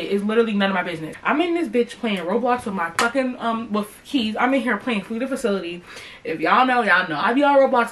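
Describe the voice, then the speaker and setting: Profane animated young woman storyteller. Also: on the high side, low-quality recording. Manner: profane, animated, talks straight to viewers. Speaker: storytime vlogger. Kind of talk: casual storytime monologue.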